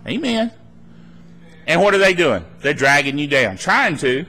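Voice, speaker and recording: A male pastor delivering a live sermon at a church meeting. His voice sits high and sounds bright and forceful. He swings his pitch widely as he acts out anxious voices and laughs between his points. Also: measured pace. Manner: animated preaching, laughing between points, acting out worried voices.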